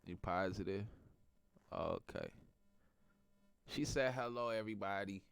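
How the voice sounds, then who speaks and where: A man's voice: lowish voice, unhurried, creaky, clear, resonant tone, dry recording. A middle-aged man with a stuffy nose from a cold, hosting a casual morning talk show in a playful, teasing way. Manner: playful, teasing, laughs a lot. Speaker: podcast host.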